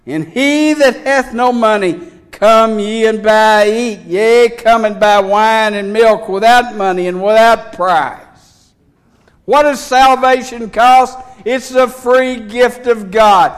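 A man's voice: sits high, takes it slowly. A man preaching a folksy, emphatic sermon, reading scripture aloud between his points.

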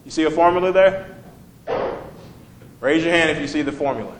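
A man's voice: fairly high pitch, brisk. Man preaching a casual sermon, echoey room. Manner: conversational, asks the congregation questions.

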